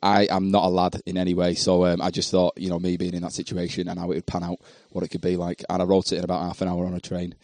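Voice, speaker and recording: A male stand-up comedian being interviewed, rattling along quickly with frequent hesitant fillers. His voice is very low, and the sound is close and dry. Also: completely flat delivery, darkish tone, dry recording. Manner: quick, hesitant, many uhs and ums.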